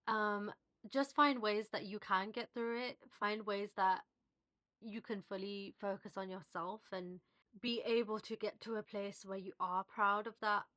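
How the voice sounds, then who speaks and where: A woman vlogger speaking softly and reflectively to her viewers, with fillers and small restarts. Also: medium pitch. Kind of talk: heartfelt one-on-one talk to camera. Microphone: phone at arm's length, video-call style.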